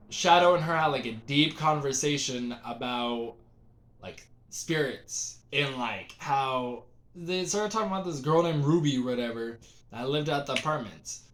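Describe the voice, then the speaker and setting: A man's voice: mid-range voice, a bit bright. A young man telling a story in a casual, rambling way, full of fillers and restarts.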